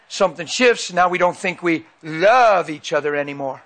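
A man's voice: fairly high pitch, animated, normal speed, fairly bright tone. A man preaching a sermon into a handheld mic, emphatic and repeating phrases for weight.

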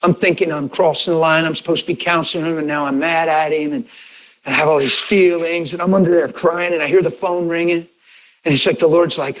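A fairly high-voiced man preaches as a pastor, telling a personal story to his congregation. He talks directly and conversationally, acting out the dialogue and often breaking into laughter. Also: a little fast, poor audio. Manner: animated, re-enacts conversations with rising pitch and bursts of laughter. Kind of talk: sermon storytelling.

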